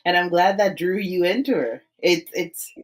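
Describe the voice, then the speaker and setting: On a low-quality recording, a woman in her forties with a lowish voice speaks at a moderate pace. She hosts a casual podcast interview, chatting with animation and laughing frequently between phrases.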